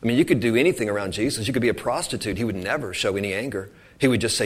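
A man's voice: fairly low pitch, very fast, few pauses, husky. A man preaching an informal sermon, earnest and rambling, often repeating words as he goes.

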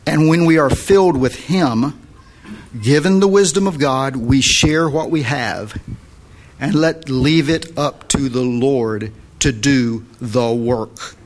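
Slow-spoken man giving pastoral counsel. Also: medium pitch. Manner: measured, encouraging, prayerful. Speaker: host, Christian talk show. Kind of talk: pastoral advice and closing prayer.

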